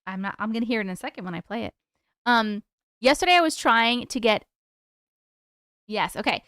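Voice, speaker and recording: A woman hosting a casual live stream from her desk at home, chatty and excitable, swearing freely. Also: a little high, fairly quick, clean tone, no room sound, clean studio sound.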